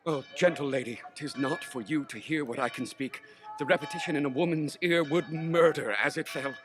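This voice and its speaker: A man's voice: on the high side, normal speed, music in the background, lightly acted. An actor playing a nobleman who cries out in horror, in declaiming Shakespearean stage style. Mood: grave. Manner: declaiming, crying out at full voice. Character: nobleman crying out in horror at a murder.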